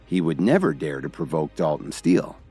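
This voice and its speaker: A man with a low, deep voice narrating a dramatic story, his pitch swinging widely as the scenes build. Soft music plays beneath the scripted reading. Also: big pitch swings, fairly quick, husky. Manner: dramatic storytelling, all voices by one reader.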